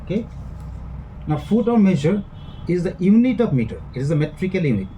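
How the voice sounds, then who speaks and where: A man giving a classroom lecture, speaking in a measured way that repeats and rephrases each point. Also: high-pitched, very animated, dark tone, slight background noise, rough recording. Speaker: English literature lecturer.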